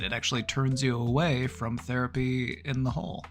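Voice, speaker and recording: A man's voice: mid-range voice, moderate pace, few pauses, fairly bright tone, faint music behind. A middle-aged man hosting a casual talk, rambling as he thinks aloud and often restarting his sentences. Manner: chatty, rambling, frequent restarts. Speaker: mental health video host. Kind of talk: casual commentary.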